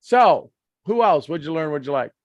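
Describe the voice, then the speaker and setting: A man hosting a live video-call coaching session, animated and repeating phrases as he encourages guests. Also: a little high, normal speed, dry recording, lo-fi sound. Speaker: host.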